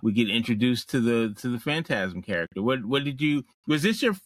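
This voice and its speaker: A man's voice: medium pitch, sing-song, no room sound. Man hosting a movie podcast, dry sound. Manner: asks questions, steers the talk, halting with restarts. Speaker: podcast host. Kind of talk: casual movie review chat.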